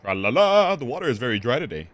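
A man's voice: mid-range voice, sing-song, fairly bright tone. Man doing a singsong hooded ferry spirit. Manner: singsong, drawn-out.

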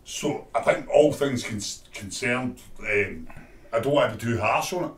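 Scottish man, average pitch, halting casual co-host, roomy echo. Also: animated. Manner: halting, repeats words, hesitant. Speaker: podcast co-host. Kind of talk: casual chat.

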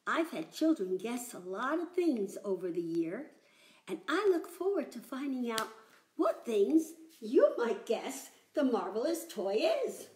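A woman runs a children's sing-along, animated and chatty as she greets viewers by name. Her voice sits fairly high and she talks at an unhurried pace. The sound is echoey, with a soft guitar in the background. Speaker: children's music teacher.

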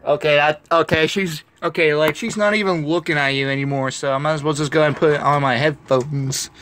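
A man's voice: fairly high pitch, fairly even intonation, brisk, a bit bright, a little hiss or hum. A teenage boy chatting casually and joking with friends on a gaming call, laughing often. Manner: giggly, joking, playful. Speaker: vlogger on a call.

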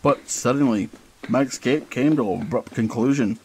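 A man's voice: mid-range voice, normal speed, mellow, slight background noise, rough recording. A man giving a dramatic, intense narration of a first-person horror story.

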